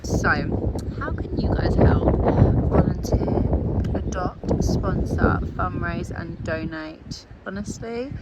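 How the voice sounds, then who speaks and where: A woman's voice: on the low side, lively intonation, slow pace. A woman vlogging at an animal sanctuary farm, gushing and cooing at the animals in baby talk. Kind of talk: casual vlog chat. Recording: loud outdoor wind and noise.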